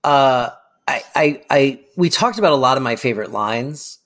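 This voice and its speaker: An easygoing podcast co-host chatting casually through a sitcom recap, laughing often and quoting the characters along the way. The voice sits at a middle pitch. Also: animated, normal speed, fairly bright tone, faint music behind.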